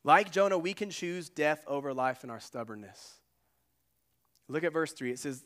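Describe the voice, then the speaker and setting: High-voiced male pastor preaching. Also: expressive, moderate pace. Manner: earnest preaching, swings from loud emphasis to hushed asides. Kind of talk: sermon.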